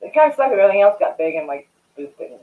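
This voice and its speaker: A young woman hosts a casual live stream, rambling and swearing as she chats with her viewers. Her voice swoops up and down with lively animation. The audio is thin and tinny, like a phone line. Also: medium pitch, racing. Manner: rambling, chatty, swears freely, greets chat viewers. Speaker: livestream host.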